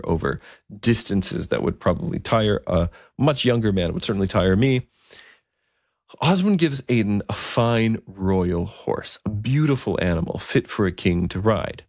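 A man telling a historical story in a relaxed, conversational way, with asides and fillers. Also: lowish voice, no room sound, clean studio sound.

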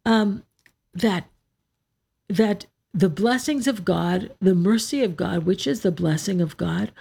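A woman leads a scripture teaching talk as an Orthodox Christian teacher, her mid-pitched voice carrying a gravelly fry. She explains the passage step by step and keeps turning rhetorical questions back to her listeners. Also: a little mellow.

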